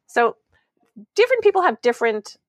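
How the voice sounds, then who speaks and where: A woman's voice: on the high side, big pitch swings, fairly quick, no echo. A woman, a parenting book author and mother of three, telling candid stories as an interview guest. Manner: candid, laughs through stories.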